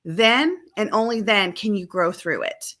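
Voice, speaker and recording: A woman talking as a family coach in a live-stream conversation, emphatic and animated, often acting out quoted family dialogue over a video call. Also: mid-range voice, unhurried.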